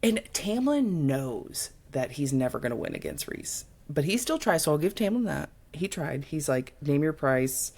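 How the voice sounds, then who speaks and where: Woman, low pitch, very lively intonation, casual book podcast chat, animated retelling. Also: husky. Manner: animated retelling, acting out characters in quick quotes. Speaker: podcast co-host.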